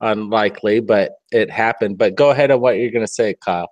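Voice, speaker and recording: A man in a casual talk-show chat who speaks in a measured, hesitant way with many fillers. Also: fairly low pitch, a little mellow, no echo, highs cut off.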